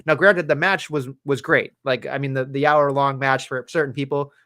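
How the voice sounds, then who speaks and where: A man's voice: mid-range voice, fairly even intonation, moderate pace, a bit bright. A man co-hosting a wrestling podcast, talking in a rambling, profane, casual way with frequent restarts. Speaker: podcast co-host.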